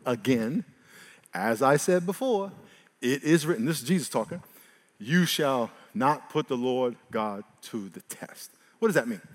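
A man preaching a sermon as a pastor, animated and humorous. He jumps from loud exclaiming to hushed talk, laughs often, and has the congregation repeat after him. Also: mid-range voice, unhurried, in a large hall.

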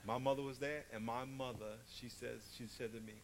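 A man's voice: mid-range voice, steady tone, fairly quick, slight background noise. A man preaching a sermon, telling stories and hammering points through emphatic repetition. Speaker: pastor.

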